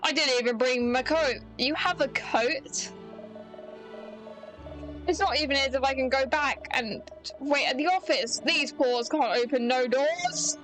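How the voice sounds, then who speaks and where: A woman voicing a grumpy, sarcastic male talking dog, slow and sulky. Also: high voice, fairly bright tone, faint music behind, poor audio.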